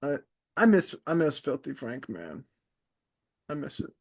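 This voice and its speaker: A young man in casual podcast chat, an animated storyteller who wanders into tangents. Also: medium pitch, a little slow. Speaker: podcast co-host.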